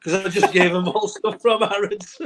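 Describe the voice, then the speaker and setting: A man's voice: high-pitched, fairly even intonation, moderate pace, noisy background. Chatty English man on a video call. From England. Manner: chatty storytelling, laughs often, repeats words. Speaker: former goalkeeper, guest. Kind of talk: casual interview chat. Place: brother-in-law's man cave at home.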